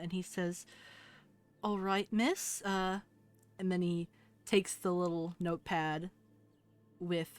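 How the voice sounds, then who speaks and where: A woman narrating a tabletop game as game master, descriptive and relaxed. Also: lowish voice, clear, resonant tone.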